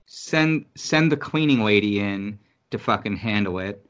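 Man from New York City, lower voice, casual, swears a lot, animated storyteller. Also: unhurried, smooth, lo-fi sound. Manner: rambling, profane, animated storytelling. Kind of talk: casual conversation. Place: Virginia.

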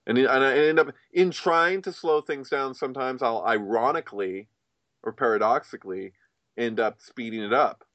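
A man in casual chat who swears often and acts out other people's lines in a raised, excited voice. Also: mid-range voice, moderate pace, no echo, muffled recording.

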